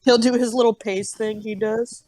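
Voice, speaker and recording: A woman's voice: on the high side, fairly even intonation, normal speed, dark tone, rough recording. A woman co-hosting a casual group podcast, giggling often with playful, silly remarks. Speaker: podcast co-host.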